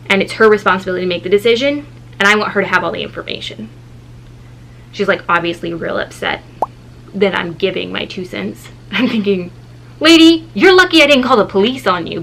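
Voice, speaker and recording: A woman in her thirties, a mother and vlogger, telling a story in a casual, animated way and acting out the people in it. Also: vocal fry, a little hiss or hum, low-quality recording. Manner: animated, acts out quoted people with shifting pitch.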